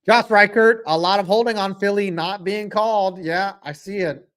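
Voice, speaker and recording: A man's voice: high voice, fairly even intonation, normal speed, a bit bright. A man hosting a live football reaction stream, joking with chat and calling plays in a rambling, self-deprecating way. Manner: rambling, joking banter mixed with play-by-play. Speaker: stream host.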